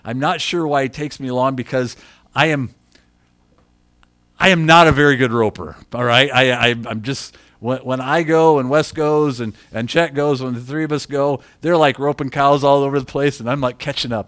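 A man preaching a sermon as a story, chatty and repetitive, breaking into loud acted shouts. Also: medium pitch. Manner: animated storyteller who shouts quoted lines; conversational, repeats himself.

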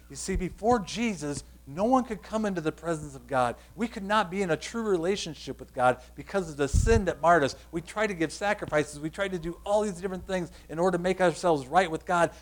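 Male preacher with a fairly high voice, earnest and explanatory, hushed then emphatic. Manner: earnest, explanatory, asks rhetorical questions; swings between hushed and loud emphatic passages. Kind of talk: sermon.

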